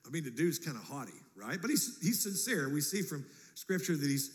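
Animated male pastor in a reverberant church. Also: fairly high pitch, fairly quick, hardly any pauses. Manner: animated, jokey preaching with acted-out quotes. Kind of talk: sermon. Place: church sanctuary.

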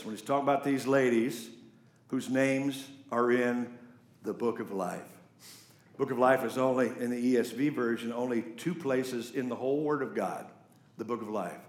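A man preaching a sermon as pastor, swinging from quiet asides to loud, raised storytelling. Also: medium pitch, echoey room. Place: church sanctuary.

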